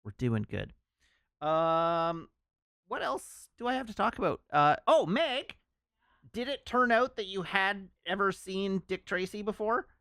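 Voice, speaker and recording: Lively, chatty male livestreamer. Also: sits high, dry recording, studio quality. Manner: chatty, laughing, reads chat aloud. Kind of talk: casual stream chatter.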